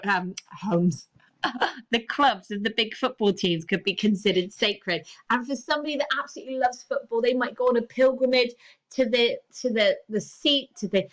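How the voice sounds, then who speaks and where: A woman teacher, giving a recorded lesson and explaining things step by step in an encouraging way. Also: mid-range voice.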